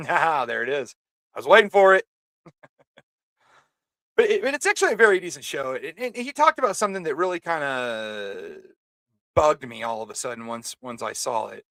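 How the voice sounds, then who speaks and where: Halting male co-host, dry studio sound. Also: fairly high pitch, sing-song, fairly bright tone, no echo. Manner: halting, repeats words. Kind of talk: casual podcast commentary.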